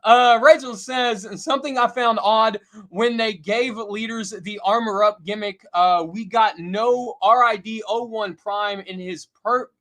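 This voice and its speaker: A man hosting a casual live stream, reading out viewer comments in an excitable way, laughing often and filling pauses with "uh". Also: high-pitched. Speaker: host reading viewer chat.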